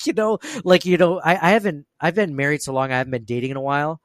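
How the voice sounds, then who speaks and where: A man's voice: a little high, fast, no echo. Rambling, laughing male podcast host. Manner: rambling, self-deprecating, laughs a lot. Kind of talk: casual podcast chat.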